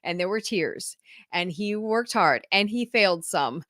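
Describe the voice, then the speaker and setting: A woman's voice: mid-range voice, expressive, a little slow, a bit bright, no room sound, clean studio sound. A woman parenting mentor chatting casually and enthusiastically to her viewers, laughing often. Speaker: mother. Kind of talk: casual live chat to viewers.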